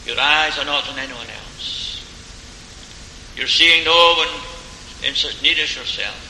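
A male preacher speaks slowly and earnestly, his bright, gravelly voice carrying through a church hall with a long echo. Faint room ambience sits behind him. He leans into rising questions, then eases into a quieter prayer. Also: fairly high pitch, a little hiss or hum. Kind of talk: sermon with closing prayer.

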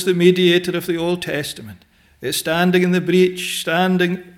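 A man preaching a sermon in a slow, deliberate way, pausing often with "eh" and quoting old scriptural phrasing. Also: on the high side.

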